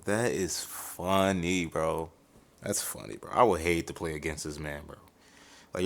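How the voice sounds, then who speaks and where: A man's voice: fairly low pitch, clean tone. A man hosting a reaction video, casually calling the clips crazy and funny and saying "bro" a lot. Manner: amazed, repeats "bro" and "that's crazy".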